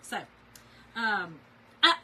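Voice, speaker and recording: A woman's voice: medium pitch, big pitch swings, extremely slow, bright, forceful tone, husky, low-quality recording. A woman, chatting and laughing as she tells a story to her viewers while working on a craft project. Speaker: craft video host.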